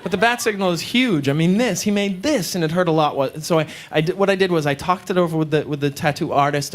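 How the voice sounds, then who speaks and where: A man performing a stand-up comedy set in a club, telling self-deprecating stories with deadpan asides. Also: on the high side, fast, few pauses. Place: comedy club stage with live audience. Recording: live club recording, loud crowd and noise.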